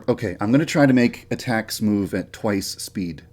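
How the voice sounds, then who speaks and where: A young man talks into a desk mic during a home livestream, his voice sitting a little low. He moves from loose chat to a measured, formal lecturing delivery. Now and then he grumbles and vents. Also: darkish tone. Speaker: game developer streaming.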